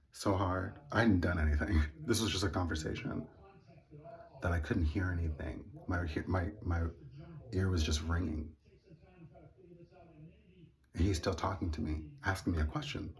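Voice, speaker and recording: A man's voice: deep voice, a little mellow. A man telling a personal story in a casual monologue, earnest and indignant with wry laughs. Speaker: vlogger.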